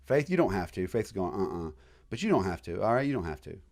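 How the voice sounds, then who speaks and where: A man giving a casual college history lecture in a classroom, joking and acting out quick voices of historical groups. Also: low voice, big pitch swings, a little mellow.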